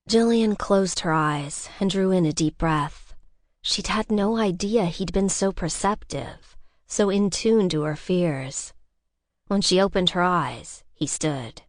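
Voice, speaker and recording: A woman narrating a suspense audiobook in a measured, scripted style. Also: no echo, clean studio sound. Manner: measured, voices characters with shifts in pitch.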